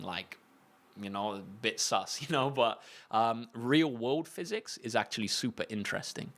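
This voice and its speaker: A man's voice: medium pitch, moderate pace. Chatty young British man, tutor livestream. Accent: British English. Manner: relaxed, chatty, many fillers and restarts. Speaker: maths tutor. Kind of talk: casual livestream Q&A.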